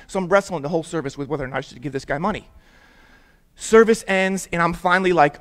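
A man's voice: on the high side, animated, fast, a bit bright. A young man preaching to a youth group, getting the audience to repeat words and telling stories in a casual, conversational way. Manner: conversational storytelling with casual fillers. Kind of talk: interactive sermon for young people.

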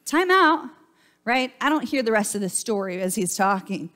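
This woman pastor's sermon comes in a brisk, mid-range voice. She talks to the church as if in conversation, regularly checking in with a "right?".

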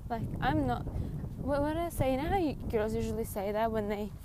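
A woman's voice: fairly high pitch, expressive, quick pace, noisy background. An eighteen-year-old woman, telling a story with giggles and rambling on a phone livestream outdoors in a city. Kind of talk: casual livestream chat.

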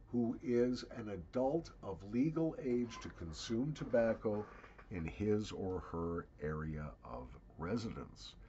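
A middle-aged man with a lowish voice talks through a giveaway in a chatty, wry way, leaning hard on his jokes. The sound is dull and lo-fi, with a faint hum of room noise behind him. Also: darkish tone. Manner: chatty, wry, emphatic asides. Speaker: channel host. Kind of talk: casual giveaway announcement. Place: home basement.

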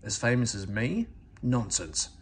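A man's voice: mid-range voice, sing-song, measured pace, husky, heavily acted. A man voicing a pompous, boastful big express engine in a read-aloud storybook. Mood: grumbling. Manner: grumbling and pompous.

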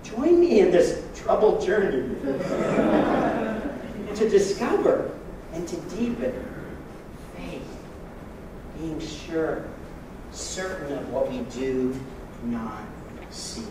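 A man preaching a sermon as pastor, joking and lively with sudden loud bursts. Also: high voice, extremely slow, pauses often, heavy reverb, recorded from a distance, noisy background.

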